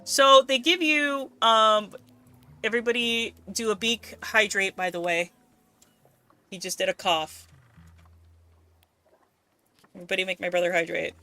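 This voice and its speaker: A woman's voice: medium pitch, steady tone, measured pace, long pauses, sharp tone, faint music behind. A woman streaming a game, ranting casually and swearing a lot in exasperation. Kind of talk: casual let's-play commentary.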